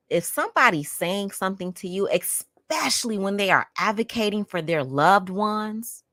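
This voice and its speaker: This podcast host gets heated and outspoken as she relates a personal story, emphatically talking straight to her audience. She speaks at medium pitch with a fairly bright tone, in clean studio sound with no room sound.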